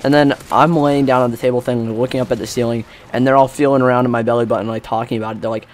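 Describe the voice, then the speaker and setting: A man's voice: mid-range voice, little pitch movement, fast talker, few pauses, darkish tone. Rambling teen boy gamer. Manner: rambling, filler-heavy, acts out quotes. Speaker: gaming commentator. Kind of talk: casual storytelling over gameplay.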